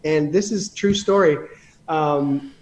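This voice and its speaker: Man, podcast guest, casual storytelling, rambling with restarts, slightly high voice. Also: slow pace, darkish tone.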